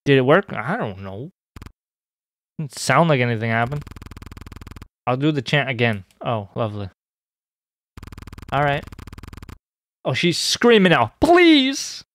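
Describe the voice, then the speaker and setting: A young man streaming a horror game, joking and excitable, bursting into high squeaky outbursts. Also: unhurried, long pauses, a little hiss or hum. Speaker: gaming streamer.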